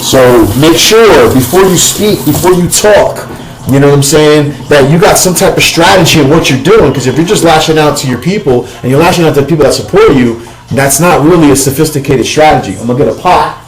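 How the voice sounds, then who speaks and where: A man's voice: on the high side, a little fast, low-quality recording. A man hosting a casual cooking vlog from his home kitchen, rambling and swearing freely as he talks. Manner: profane, rambling, keeps asking "you know what I'm saying".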